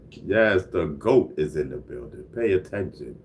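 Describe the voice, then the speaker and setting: A low-pitched man, very animated yet slow-paced, runs a laid-back livestream, chatting loosely and reading viewer comments. Expect frequent laughs and coughs and a recurring "you know what I mean." There's slight background noise on his single-mic setup.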